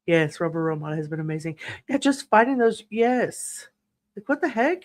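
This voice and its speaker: A woman's voice: medium pitch, lively intonation, moderate pace. A woman hosting a livestream, chatting casually and snarkily while reading viewer comments, laughing often. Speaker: true crime livestream host.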